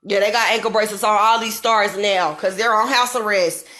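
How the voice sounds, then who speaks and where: A woman's voice: medium pitch, fairly even intonation, a little fast, bright, forceful tone. A woman in her thirties ranting to camera from her kitchen at home, heated and profane, at times near tears. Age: 30s. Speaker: vlogger. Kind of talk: unscripted rant to camera.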